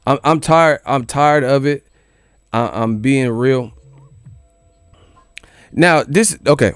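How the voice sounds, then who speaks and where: A man's voice: mid-range voice, takes it slowly, long pauses, clear, resonant tone, no room sound. Incredulous, joking man ranting about boxing. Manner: incredulous, joking, profane rant. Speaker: boxing channel host. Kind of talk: casual boxing news commentary.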